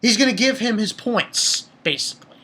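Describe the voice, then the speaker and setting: Animated and at a moderate pace, the man speaks with a high, sharp, slightly rough voice. He's an anime reviewer giving a casual, rambling recap, full of restarts and fillers, broken up by angry swearing.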